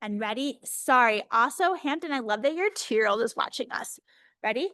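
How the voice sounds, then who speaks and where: A woman in her thirties teaching an early childhood workshop over a video call, chatty and energetic, slowing down to demonstrate words. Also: fairly high pitch, no room sound, studio quality. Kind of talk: teaching a live webinar.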